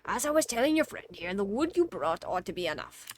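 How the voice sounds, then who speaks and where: A woman's voice: mid-range voice, very animated, a little fast, slight background noise, natural voice. A woman voicing a cheerful, encouraging male game character in a vague put-on accent. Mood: cheery.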